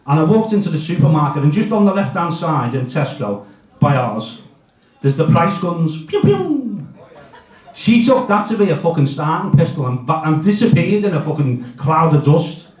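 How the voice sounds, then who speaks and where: A man's voice: on the high side, animated, moderate pace. A middle-aged man doing a crude, self-mocking stand-up set full of swearing. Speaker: stand-up comedian. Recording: echoey, distant, dull live sound.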